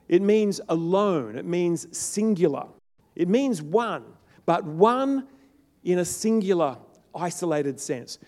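A man preaching a sermon to a congregation, rising to loud, emphatic peaks and then dropping low and soft. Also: lively intonation, slow pace. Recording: long reverb of a large hall.

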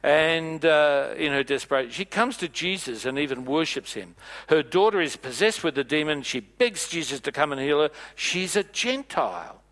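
A man preaching a sermon in a church, playful and animated, acting out bits of dialogue as he goes. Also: fairly high pitch, normal speed.

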